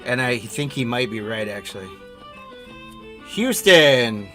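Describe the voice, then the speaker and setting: A man's voice: on the low side, fairly quick, a bit bright, soft background music. A man hosting a live trading card break stream, reading out player names and teams in a running patter and chatting with viewers.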